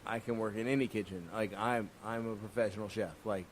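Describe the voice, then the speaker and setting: A man who works as a chef, co-hosting a casual podcast, cracking dry jokes and then telling a calmer story of his own. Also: fairly low pitch, a little fast, slight background noise. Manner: dry joking interjections, quieter when narrating.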